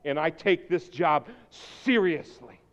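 A male pastor preaches with a high, smooth, resonant voice. He drops to quiet intensity, then builds to shouted exhortation. His voice rings through a large hall with a long reverb. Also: unhurried, muffled recording. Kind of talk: sermon.

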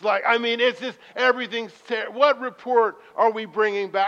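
A man with a high voice preaches in a church sanctuary. He tells his stories in a chatty, self-deprecating way and now and then breaks into loud bursts. The sound is muffled, with a long hall echo. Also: fairly even intonation, moderate pace, hardly any pauses. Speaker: pastor. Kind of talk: sermon. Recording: muffled reverberant hall recording.

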